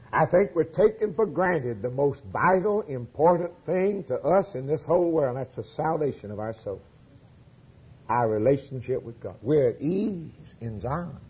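Fervent preacher man with a husky voice. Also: on the high side, rough recording. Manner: fervent, swings from quiet to loud exclamation. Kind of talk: sermon.

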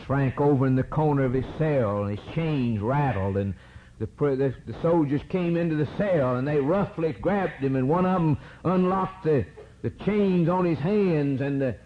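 A man preaching a sermon in a rhythmic, dramatic style, rising to high cries and dropping low again. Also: normal speed. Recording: dull lo-fi recording with faint hiss.

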